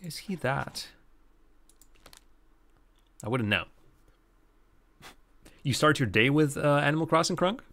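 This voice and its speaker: A man's voice: a little high, lively intonation, takes it slowly, pauses often, a bit bright. A man streaming a game live, chatting casually with viewers and thinking aloud as he plays. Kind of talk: live gameplay commentary.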